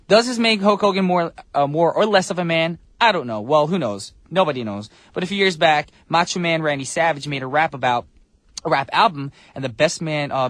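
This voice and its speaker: A man's voice: fairly high pitch, a bit bright, no echo. Playful New Jersey radio DJ man. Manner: playful, slangy, laughs easily. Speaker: radio DJ host. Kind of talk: casual radio chat. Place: radio studio. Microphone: studio mic.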